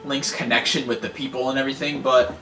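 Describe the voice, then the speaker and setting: A man's voice: mid-range voice, little pitch movement, fast. A man giving casual, rambling gameplay commentary as a let's play host, impatient and wisecracking. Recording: echoey room, game music behind.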